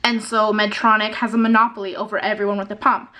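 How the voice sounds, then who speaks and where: A woman's voice: mid-range voice, flat delivery, quick pace, bright, forceful tone. A young woman in her twenties, ranting to camera in an unscripted vlog about a frustrating phone call. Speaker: vlogger.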